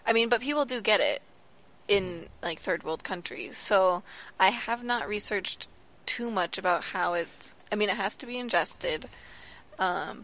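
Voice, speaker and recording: On a podcast, a woman in her twenties who's in grad school chats and tells stories, leaning heavily on "like" and "um." She has a fairly low, fairly bright voice.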